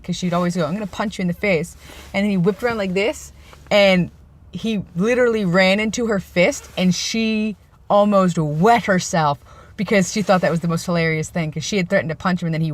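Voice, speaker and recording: Male vlogger, loose rambling chat, dry sarcastic humor. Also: sits high. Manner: rambling, self-described sarcastic joker. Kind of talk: casual vlog monologue.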